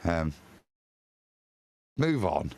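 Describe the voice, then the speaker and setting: A man with a fairly low voice rants on a live stream, his pitch swinging widely as he pushes each point. He rambles and hammers his words home with blunt, crude insults. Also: very animated, extremely slow, gravelly, darkish tone. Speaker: live show co-host.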